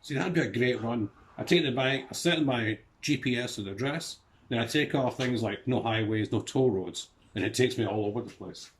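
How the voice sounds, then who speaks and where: Speaking at a normal pace at medium pitch, a man from Scotland walks around his garage talking about his classic car projects. His chatty storytelling drifts into rambling tangents, and there's a little hiss or hum on the recording.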